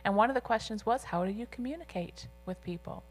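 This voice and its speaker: A woman interpreting a deaf guest's signed answers aloud in an interview, with a measured and slightly halting delivery. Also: fairly high pitch, slight background noise.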